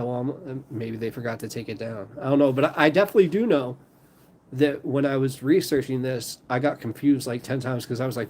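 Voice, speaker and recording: A man's voice: medium pitch, a little fast, a little mellow, a little hiss or hum. A man hosting a live stream in casual chat, rambling with lots of fillers.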